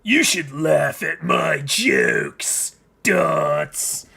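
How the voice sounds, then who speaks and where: A man voicing a boastful, lecherous rich husband, growling and shouting like a showy wrestler in a comic reading. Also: a little high, wildly swooping pitch, extremely slow, creaky, slightly rough, heavily acted. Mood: domineering. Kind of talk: comic voice acting while reading a webcomic live.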